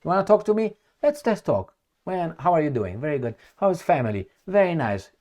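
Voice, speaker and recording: A relaxed, chummy diplomat who talks to everyone like an old friend, as a commentator puts him on. The voice is easygoing and casual and stays close to the speaker's own. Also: male voice, fairly high pitch, fairly quick. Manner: easygoing, buddy-like. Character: friendly laid-back male diplomat, chummy.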